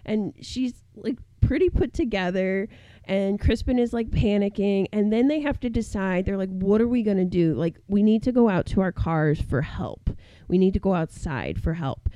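A woman co-hosting a podcast casually recaps a horror film, packing her talk with "like" and acting out the characters' lines as an animated storyteller. Her mid-range voice moves at a moderate pace, with no echo.

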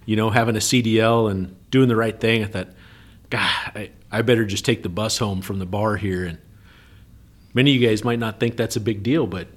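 A man's voice: fairly low pitch, steady tone, fairly quick. A man co-hosting a casual podcast, telling jokes in a chatty, playful way. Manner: chatty, playful joke teller. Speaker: podcast co-host.

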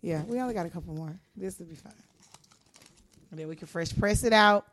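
A woman's voice: lowish voice, brisk, fairly bright tone, no room sound. A woman co-hosting a podcast, chatting in a blunt, profane, bantering way. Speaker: podcast co-host. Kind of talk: casual chat.

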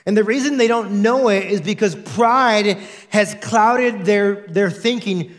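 A man preaching a sermon as a pastor, animated and acting out the people he quotes. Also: sits high, measured pace. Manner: animated, acts out quoted voices in his preaching.

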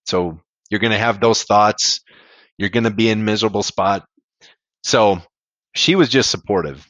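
A man with a low voice tells his story in a loose, candid way. He rambles a little and swears casually. The sound is dry and close. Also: normal speed, fairly bright tone, no echo, muffled recording. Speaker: podcast guest, amateur ultrarunner.

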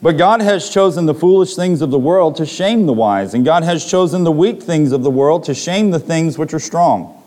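A man's voice: fairly high pitch, expressive, moderate pace, dark tone. A man preaching a sermon to a congregation, reading scripture and retelling stories with dramatic voiced quotes.

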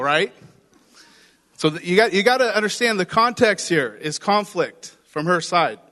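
Male pastor, conversational sermon delivery with acted asides, voice sitting a touch high, long hall reverb. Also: fairly bright tone.

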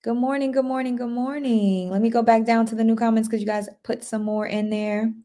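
This livestream host talks briskly in a slightly high, steady voice with a dark tone. In her casual, upbeat stream she reads comments from viewers and calls out people by name.

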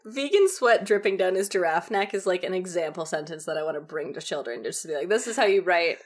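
A woman's voice: lowish voice, expressive, fast talker. Woman co-host, dry wry asides, casual banter. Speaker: podcast co-host. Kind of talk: casual chat.

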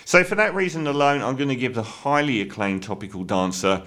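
A man giving an opinionated spoken album review, often pausing with fillers and restarting sentences. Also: mid-range voice, expressive, fairly bright tone.

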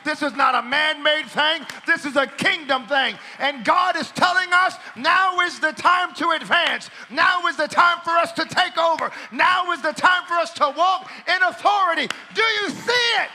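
A man preaching a sermon, shouting declarations, then dropping to quiet teaching. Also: very high-pitched, normal speed, few pauses. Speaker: pastor.

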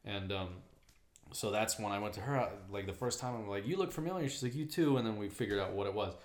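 A man's voice: on the low side, fast talker. A young man chatting casually with friends, swearing freely and acting out the people in his stories. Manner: animated storyteller, swears, acts out quoted voices. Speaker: friend in group chat. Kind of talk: casual chat. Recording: echoey room.

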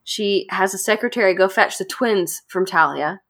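A woman host casually retelling a dark fairy tale to friends, chatty and animated. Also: mid-range voice, normal speed. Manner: chatty, animated, laughs often. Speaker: podcast host.

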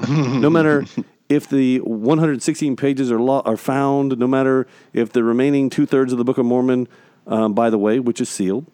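A man's voice: medium pitch, steady tone, moderate pace, warm tone, no room sound. A man co-hosting a casual faith discussion podcast, talking in an earnest way and stacking emphatic repeated phrases. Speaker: podcast co-host.

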